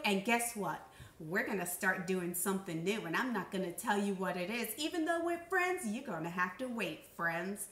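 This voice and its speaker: A woman reviews sewing gadgets in a bubbly, joking manner and treats her viewers as friends. Her voice is bright and a touch high. It is recorded from a distance in an echoey room. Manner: chatty, bubbly, jokey, addresses viewers as friends. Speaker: sewing pattern maker and product reviewer. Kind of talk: casual product review vlog.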